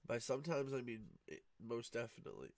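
Just-woke-up guy opening card packs, kinda monotone and groggy, mid pitch. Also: a little fast, vocal fry, dry recording. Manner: sleepy, low-key and monotone, just woke up. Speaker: card-opening channel host. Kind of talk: casual pack-opening commentary. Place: home room at night, cat nearby.

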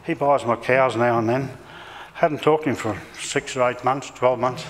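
Older Australian farmer preaching in a church. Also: male voice, medium pitch, fairly even intonation, moderate pace. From Central Queensland, Australia. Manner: homespun, rambling storyteller with self-corrections. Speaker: lay preacher and cattle farmer. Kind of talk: sermon with folksy personal stories. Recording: church reverb, faint background noise.

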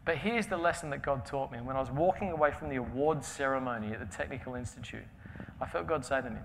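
A man preaching a conference sermon, telling stories with humor and swinging between loud and hushed delivery. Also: medium pitch, fast talker, gravelly, noisy background. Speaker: pastor. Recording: reverberant hall with faint ambience.

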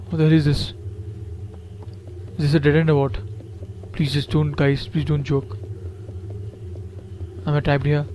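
A man's voice: a little high, little pitch movement, measured pace, long pauses, dark tone, slight background noise. Jittery man nervously narrating a horror game. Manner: jittery, repeats himself, talks to viewers. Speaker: gameplay commentator.

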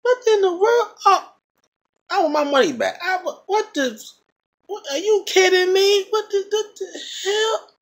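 A man's voice: extremely high pitch, unhurried, pitched above the performer's own voice. A man putting on a squealing, outraged moviegoer. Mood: incredulous. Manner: squealing, incredulous, exclamatory. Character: baffled, outraged moviegoer shouting in disbelief.

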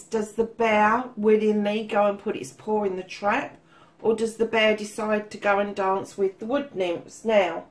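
A woman giving a casual tarot reading, swearing freely and calling listeners darling. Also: fairly high pitch. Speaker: tarot reader.

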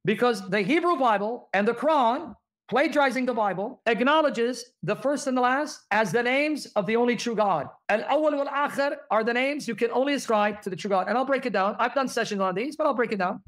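A man's voice: very high voice, brisk, fairly bright tone. A man teaching Christian apologetics, reading verses aloud and pressing the audience with rhetorical questions.

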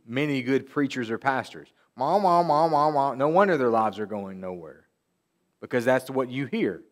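A man preaching a sermon in a church, repeating key phrases and reading scripture slowly for emphasis. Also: fairly high pitch. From Tennessee. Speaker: pastor. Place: church sanctuary.

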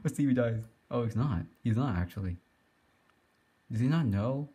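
A young man giving excitable, giggly play-by-play commentary as he teases other players in an online game. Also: mid-range voice, moderate pace, breathy edge. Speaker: gaming YouTuber. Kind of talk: casual Let's Play commentary.

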